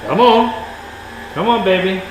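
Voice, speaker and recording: A man's voice: high-pitched, animated, a little slow, roomy sound, slight background noise. A man hosting a home cooking video, chatting playfully and teasing his cameraman as he mixes. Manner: playful, camp, talks to the cameraman and to the food.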